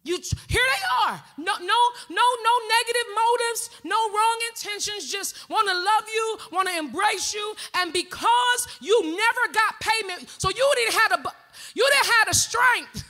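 A woman's voice: very high-pitched, lively intonation, a little slow, sharp tone. A woman pastor, preaching an impassioned sermon in a church and calling out to the congregation. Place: church sanctuary.

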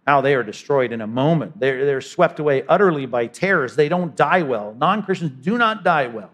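A man delivers a sermon from the pulpit. His voice sits a little high for a man, and he moves between punchy emphasis and quiet, intimate asides. He often slips into the voices of imagined people. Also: expressive, moderate pace, few pauses. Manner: dynamic preaching, voices imagined speakers, sudden drops to quiet. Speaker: pastor.

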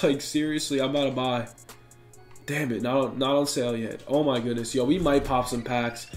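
A man's voice: medium pitch, normal speed. Hyped young man with echoey sound. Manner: excitable, slangy, talks to viewers. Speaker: gaming YouTuber. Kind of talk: hyped game commentary. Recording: echoey room with faint music.

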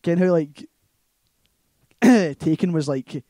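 A man's voice: a little high, animated, takes it slowly, mellow, dry recording. A man with a Scottish accent, co-hosting a casual movie chat and retelling a film plot in a loose, rambling way, full of "like" and "right?". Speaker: podcast co-host.

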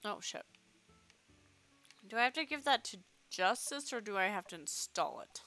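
A woman's voice: mid-range voice, lively intonation, moderate pace, bright, forceful tone, faint music behind. A young adult woman streaming a game, chatting casually, talking to her pet and swearing now and then. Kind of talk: casual gameplay chat.

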